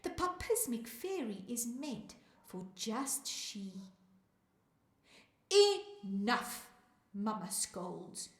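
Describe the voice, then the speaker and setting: Animated woman reading a rhyming story. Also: a little high, slow pace, reverberant. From South Africa. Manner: sing-song rhyming read-aloud, calls out to young listeners. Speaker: children's music teacher reading a story.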